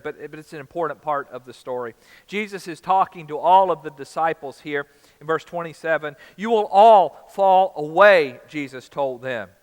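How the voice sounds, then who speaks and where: Man, pastor, casual sermon, slightly high voice, long church reverb. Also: a bit bright. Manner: conversational preaching, dramatizes quotes with rising emphasis.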